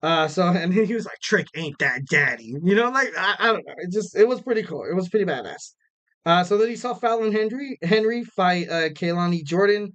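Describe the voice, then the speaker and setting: A young man talks through his podcast recap in a relaxed, rambling way, full of fillers and little jokes. His voice sits a touch high and comes across smooth and clear. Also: fairly quick. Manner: loose and rambling, many fillers, jokey asides with laughs. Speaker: podcast host. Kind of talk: casual solo wrestling recap.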